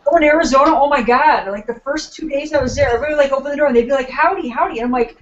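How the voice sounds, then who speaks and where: A high-pitched woman from Illinois telling stories in a loose chat, swearing and acting out quoted exchanges. She sits away from the mic, and the audio is muffled. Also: rapid-fire. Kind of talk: casual chat. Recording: distant dull podcast audio.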